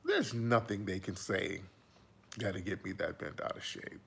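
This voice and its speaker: A man hosting a casual commentary monologue, talking animated and preachy into a phone held close to his face. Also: deep voice, measured pace, creaky, a little hiss or hum. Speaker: host.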